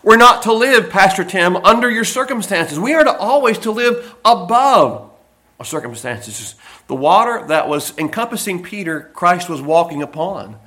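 A man preaching a sermon, slowing down to stress key phrases and dropping in folksy personal stories. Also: high-pitched, expressive, bright, forceful tone. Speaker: pastor.

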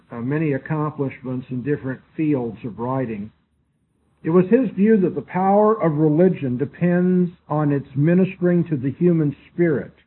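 Guy lecturing a class, spells names out, repeats himself, thin phone-ish sound w/ a little hiss. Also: on the high side. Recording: tinny lo-fi recording with faint hiss.

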